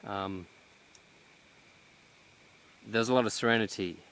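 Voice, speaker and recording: A man vlogging outdoors in a cleared pine forest, talking in a reflective, halting way with many restarts, a little out of breath. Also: lowish voice, a bit bright. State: slightly out of breath. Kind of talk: casual vlog monologue. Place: outdoors in a cut-down pine plantation.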